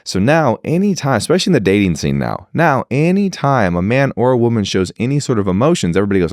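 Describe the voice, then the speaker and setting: A man speaking as a podcast guest in casual conversation, animated and blunt, swearing freely and acting out quoted dialogue. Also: medium pitch, fast, hardly any pauses, no room sound, studio quality. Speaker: podcast guest, leadership mentor.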